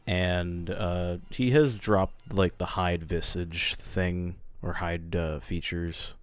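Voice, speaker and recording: Man playing in a tabletop game, very deep voice, halting delivery with many fillers. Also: steady tone, clean tone, no room sound. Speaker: player. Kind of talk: describing his character's actions.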